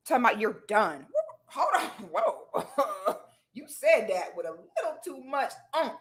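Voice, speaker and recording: A woman's voice: on the high side, big pitch swings, measured pace, a bit bright, breathy edge. Sassy woman ranting at the camera. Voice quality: sassy, repetitive "okay?" tag questions. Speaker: vlogger. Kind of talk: confrontational casual rant to camera.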